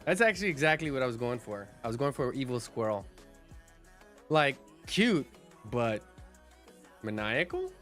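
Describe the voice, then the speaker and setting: A man's voice: medium pitch, moderate pace, pauses often, faint music behind. A man streaming a game, chatting casually and rambling to his viewers. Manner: relaxed, rambling, with restarts and fillers.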